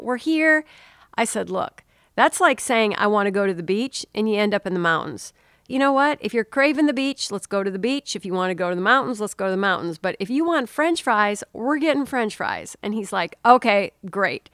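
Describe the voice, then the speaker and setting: A middle-aged woman hosts a podcast, telling a casual story in an animated way. Her voice jumps up sharply when she acts out what people said. The sound is close and dry, with no room echo. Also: smooth. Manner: animated, with quick jumps in pitch for quoted dialogue. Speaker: podcast host.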